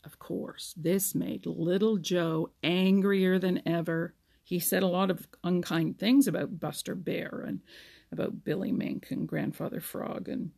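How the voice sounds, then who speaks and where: A woman's voice: lowish voice, creaky, darkish tone, slightly rough. A woman reading a children's animal storybook aloud, with small slips and restarts. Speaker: narrator.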